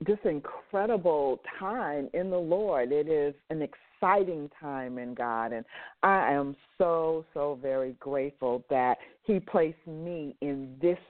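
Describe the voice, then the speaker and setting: A woman's voice: low voice, slow. Nasal, congested woman hosting on phone. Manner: fervent, repeats words for emphasis. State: congested sinuses. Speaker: host. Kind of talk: faith talk radio hosting. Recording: phone line.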